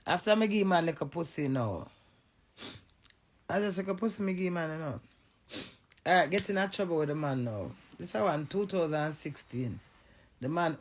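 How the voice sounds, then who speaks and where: Jamaican man with a high, gravelly voice. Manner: animated, swears freely, storytelling. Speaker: live stream host. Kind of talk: casual live-stream chat.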